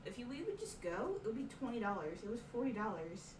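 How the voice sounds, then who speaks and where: A woman's voice: on the high side, sing-song, quick pace, recorded from a distance, noisy background. A woman chatting bluntly and swearing casually, off-mic. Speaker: roommate dropping in. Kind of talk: casual chat. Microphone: off-mic, across the room. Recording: faint off-mic room echo.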